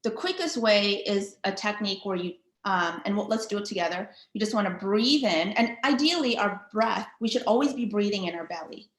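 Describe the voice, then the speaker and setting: A woman's voice: medium pitch, moderate pace, hardly any pauses, fairly bright tone. A woman physical therapist giving a casual talk on breathing, chatty and full of filler words as she guides listeners through an exercise. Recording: roomy echo.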